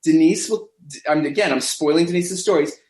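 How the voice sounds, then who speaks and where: A man in a casual podcast chat, telling lively backstage stories and acting out what people said. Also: on the high side, a little fast. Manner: animated storyteller who acts out quoted voices. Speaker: podcast guest. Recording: roomy echo.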